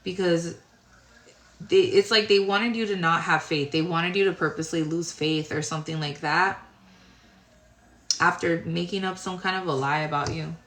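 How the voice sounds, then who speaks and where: A woman's voice: fairly low pitch, fairly even intonation, normal speed, fairly bright tone, a little hiss or hum. A woman giving a casual tarot reading to viewers, rambling and searching for words, sounding tired. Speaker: tarot reader. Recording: roomy echo.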